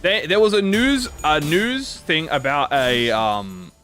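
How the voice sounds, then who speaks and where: Animated Australian man streaming. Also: a little high, slow, faint music behind. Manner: rambling, swears casually, reacts to chat. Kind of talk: casual livestream chat.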